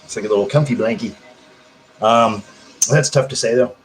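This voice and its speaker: This rough recording, with soft music underneath, captures a man of medium pitch speaking at normal speed. He's a casual livestream host who rambles hyperactively, swearing as he reads out viewer comments.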